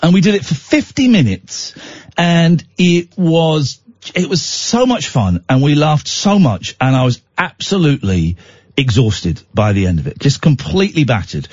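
A man on talk radio, rambling through a self-deprecating story with lots of restarts and a lively, swooping delivery. His voice is husky and a little high, and he sounds worn out. The studio sound is dry but dull and muffled. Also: moderate pace, no echo. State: tired out. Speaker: radio show host.

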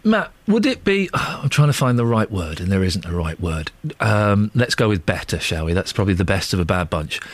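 A male radio host, gently and sympathetically talking with callers, audibly moved. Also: sits low, big pitch swings, moderate pace, few pauses, dry recording. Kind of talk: phone-in radio hosting. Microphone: studio microphone.

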